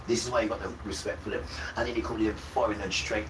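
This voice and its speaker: A man on a livestream delivering an impassioned religious rant, preachy and accusing. He swings from loud outbursts to low muttering. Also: steady tone, quick pace. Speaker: livestream host. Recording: roomy, distant mic with loud background noise.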